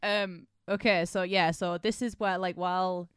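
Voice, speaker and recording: A woman's voice: lowish voice, fairly even intonation, moderate pace, clear, resonant tone, no room sound. Chatty woman in a dry room. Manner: chatty, playful, acts out quotes. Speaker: podcast co-host. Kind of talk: casual chat.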